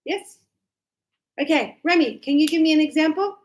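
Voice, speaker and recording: A middle-aged woman teaching an English class, lively and chatty, acting out short example dialogues for her students. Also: sits high, moderate pace, low-quality recording. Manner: animated, acts out little example dialogues.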